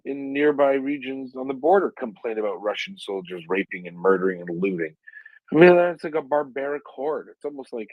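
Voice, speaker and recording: A man's voice: mid-range voice, no echo. A man speaking in an impassioned, heated way on a live audio chat, rambling with many fillers and restarts. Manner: heated and indignant. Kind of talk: impassioned advocacy talk. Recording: dull lo-fi online audio stream.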